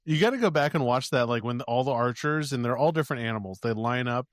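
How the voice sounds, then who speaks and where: A man in his ordinary middle pitch, co-hosting a podcast. He talks eagerly in loose casual chat, full of "like". His voice sits close and dry in the recording. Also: expressive, fast, no echo. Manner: enthusiastic, full of "like" fillers. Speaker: podcast co-host.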